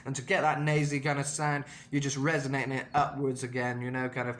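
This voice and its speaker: A man's voice: medium pitch, little pitch movement, fast talker, fairly bright tone. A man giving a casual vocal lesson in a chatty way, full of fillers and asides. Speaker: vocal coach.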